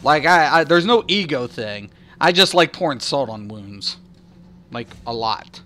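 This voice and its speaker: A man's voice: mid-range voice, very animated, measured pace, pushed and bright. A man chatting casually on a game stream, rambling and swearing, laughing often and imitating other people's voices as he tells stories. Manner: mimics people's voices in anecdotes.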